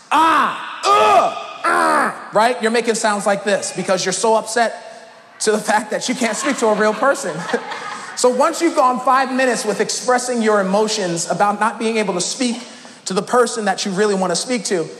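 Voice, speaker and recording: A male pastor telling a playful, animated story in his sermon, breaking into shouts now and then, recorded in a church. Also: high-pitched, moderate pace. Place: church sanctuary. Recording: echoey church hall with background noise.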